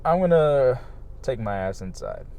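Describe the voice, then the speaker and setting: A young man speaks outdoors in a loose, rambling vlog voice, warm and mellow in tone. He is candid and swears freely, repeating himself and leaning on fillers as he circles his point. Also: mid-range voice, big pitch swings, unhurried, slight background noise. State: hiccuping. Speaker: vlogger. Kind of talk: casual rambling monologue to camera. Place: outdoors, just outside his home.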